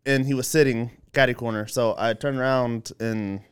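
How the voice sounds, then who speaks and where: A man in casual chat, agreeable and quick with short yeses. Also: medium pitch, fairly even intonation, clean tone, faint music behind.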